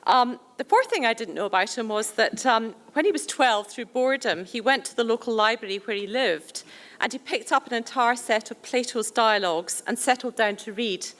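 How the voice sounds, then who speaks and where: Female event host, chatty introduction of a guest; slightly high voice. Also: animated, moderate pace, a bit bright. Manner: chatty, with fillers and restarts. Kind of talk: speaker introduction.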